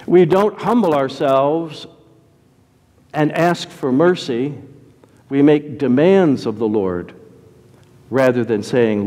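A man preaching a sermon, animated, jumping from loud exclamations to quiet asides. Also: medium pitch, slow, pauses often, in a large hall.

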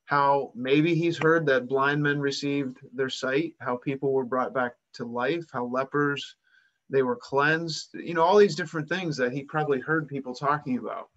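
A man's voice: mid-range voice, fairly even intonation, moderate pace, a bit bright. Man preaching, dull lo-fi sound. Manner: retells the story, acting out voices with rising emphasis. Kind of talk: sermon.

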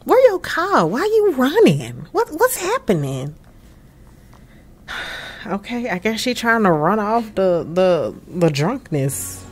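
A young woman hosts a casual gameplay commentary, talking straight to her viewers with plenty of exclamations. Her intonation swings widely while her pace stays relaxed and unhurried. She sounds expressive and quick to react. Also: medium pitch, slightly rough. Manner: frequent laughs. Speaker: gaming channel host.

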